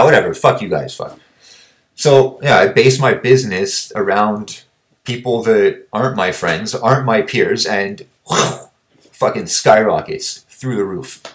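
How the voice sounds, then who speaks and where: A young man vlogging, ranting bluntly and combatively, swearing constantly. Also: mid-range voice. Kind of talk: profane ranting monologue.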